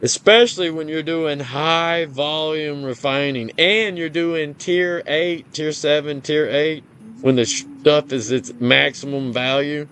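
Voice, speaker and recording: A man's voice: on the high side, fairly even intonation, takes it slowly, a bit bright, a little hiss or hum. A man hosting a gaming channel, reading out game details in casual commentary, blunt and profane, often stumbling over numbers and restarting. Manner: blunt, profane, complains openly.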